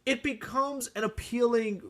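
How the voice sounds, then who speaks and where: A man's voice: very high-pitched, fairly even intonation, measured pace. A man co-hosting a sports podcast, talking earnestly and at length about his team and laughing easily. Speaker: podcast co-host. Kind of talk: casual sports talk.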